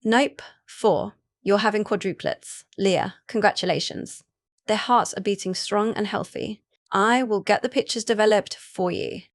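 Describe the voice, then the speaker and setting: A friendly female doctor in an audiobook, calm, polite and matter-of-fact, as a woman reads her lines. The voice stays at a middle pitch and sounds dry and close. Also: measured pace, no room sound, close to an everyday voice. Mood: businesslike.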